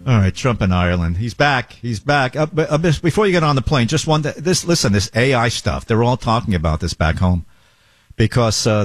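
A man's voice: on the low side, no echo. A man hosting a show, giving joking political commentary and mocking impressions. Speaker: radio show host.

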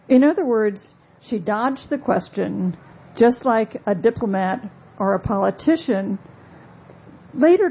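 Woman author, book talk, mellow husky voice, wry asides, dull lo-fi recording. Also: medium pitch. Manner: conversational, frequent fillers, wry asides.

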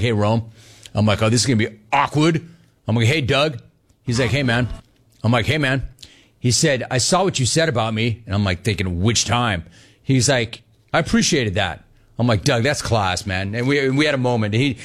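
A middle-aged man hosting a sports call-in radio show, riffing animatedly with callers. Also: medium pitch. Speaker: sports talk radio host.

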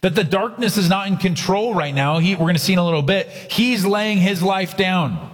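A man preaches a sermon in a somewhat high voice, building points through emphatic repetition and dropping casual asides to his listeners. His voice carries a long reverb from a large church hall. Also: moderate pace. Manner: emphatic preaching with repeated phrases and asides to the congregation. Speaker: pastor.

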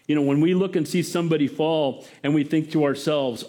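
Pastor, male, fairly high voice; preaches with energy and keeps asking the congregation questions. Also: brisk. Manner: lively, talks to the congregation with questions. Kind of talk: sermon.

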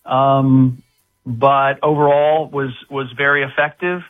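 A man's voice: medium pitch, level tone, slow pace, soft background music. A man, a guest sports analyst, chatting casually about basketball with many restarts and fillers. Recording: tinny phone line.

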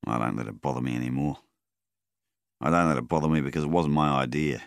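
A man with a very deep, gravelly voice voicing a bitter, hard-drinking male war veteran in a storybook reading, speaking coldly and loudly. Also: fast talker, dry recording, studio quality.

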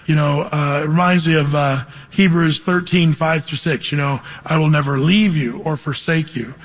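A man's voice: on the high side, fairly even intonation, moderate pace, long reverb tail. A man preaching a verse-by-verse sermon, reading scripture aloud and putting questions to the congregation in a conversational way. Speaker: pastor teaching a Bible study.

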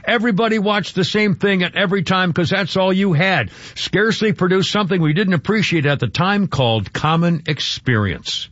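Chatty male radio host, slightly high voice, dry and muffled studio broadcast. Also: brisk, hardly any pauses, a bit bright, no echo. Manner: rambling, with restarts and chuckles. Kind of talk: casual radio talk and read-out essay.

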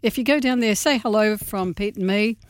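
A woman co-hosting a community radio show, chatting in a rambling, friendly way and running through the gig guide. Her voice sits at a middle pitch and sounds dry and close, as from a small studio. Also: fairly quick, dry recording. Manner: chatty, warm-hearted, rambling asides. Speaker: radio co-host.

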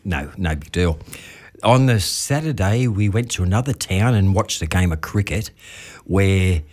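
A man's voice: deep voice, expressive, measured pace. An Australian man hosting a podcast, telling laid-back stories in casual chat and chuckling along. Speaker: podcast host.

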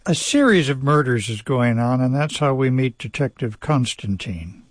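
A man hosting a weekend radio news show, introducing a guest and interviewing her with a smooth, polished delivery. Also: medium pitch, animated, moderate pace, no room sound. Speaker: radio host. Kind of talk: broadcast interview.

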